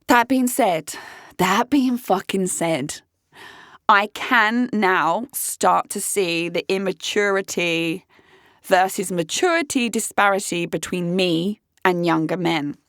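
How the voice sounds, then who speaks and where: A woman's voice: on the low side, takes it slowly, fairly bright tone, no echo, studio quality. A woman in her late thirties telling a dating story as a vlogger, blunt and swearing often. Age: 30s. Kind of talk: casual storytelling monologue.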